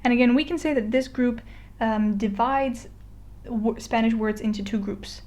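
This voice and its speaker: A woman giving a casual explainer lesson, chatty with fillers and restarts, slowing down to model words. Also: fairly high pitch, a little mellow. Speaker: Spanish teacher. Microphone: voice-over on a screen recording.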